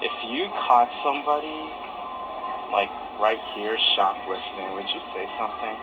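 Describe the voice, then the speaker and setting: A man chatting up a woman in a grocery store with smooth, flirty small talk. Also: on the low side, expressive, measured pace. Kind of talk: casual chat. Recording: muffled store recording with music.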